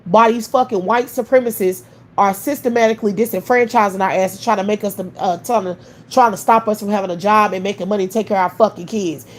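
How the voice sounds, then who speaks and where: A woman's voice: mid-range voice, fairly even intonation, quick pace. A woman hosting a livestream, ranting in a heated, blunt and profane way. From United States. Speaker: livestream host. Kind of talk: livestream rant.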